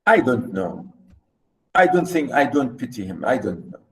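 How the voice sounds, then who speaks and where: A man giving a literature lecture, explaining slowly and emphatically with many repetitions. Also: medium pitch, very animated, fairly bright tone, low-quality recording. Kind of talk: recorded lecture.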